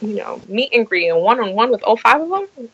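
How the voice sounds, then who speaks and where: A middle-aged woman hosting a casual podcast chat, telling stories with lively acted-out quotes. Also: a little high, fairly quick, slightly rough, no echo, dull audio. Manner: animated storyteller, acts out quotes. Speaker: podcast host.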